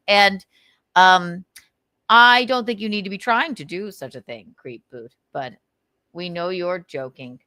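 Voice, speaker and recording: A woman's voice: mid-range voice, a bit bright, no echo, clean studio sound. A woman co-hosting a casual livestream, chatty and giggly as she reads out donor messages. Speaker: livestream co-host reading donations. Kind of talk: casual chat.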